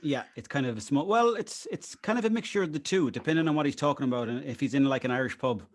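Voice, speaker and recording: A man guesting on a podcast in casual chat, joking and quick to laugh. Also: mid-range voice, lively intonation.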